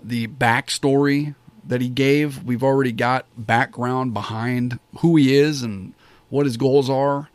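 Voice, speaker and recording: A man's voice: mid-range voice, steady tone, a little slow, no room sound. Rambling, enthusiastic man reviewing wrestling. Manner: rambling, enthusiastic, many fillers and restarts. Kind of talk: casual spoken review.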